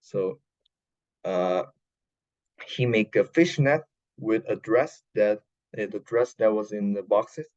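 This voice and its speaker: Halting man retelling a film. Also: lowish voice, a little mellow, dull audio. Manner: halting, many fillers and restarts, non-native grammar. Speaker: podcast host. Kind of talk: casual retelling of a film plot.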